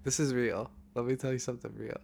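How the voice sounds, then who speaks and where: A man's voice: mid-range voice, steady tone, fast talker, vocal fry, a little mellow, slightly rough. A man in casual podcast chat, playful and joking, spinning tall tales with a straight face. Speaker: podcast guest.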